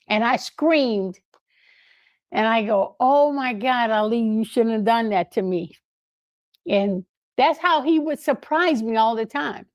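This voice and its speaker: An older woman telling lively anecdotes in a casual way, laughing often and acting out what others said. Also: fairly high pitch, dry recording. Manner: animated, laughing, acts out quoted voices. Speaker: guest storyteller.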